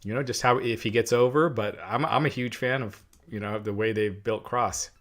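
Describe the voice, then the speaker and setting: A man's voice: on the low side, normal speed, fairly bright tone. Man co-hosting a casual wrestling podcast. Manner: reads viewer questions aloud. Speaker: podcast co-host.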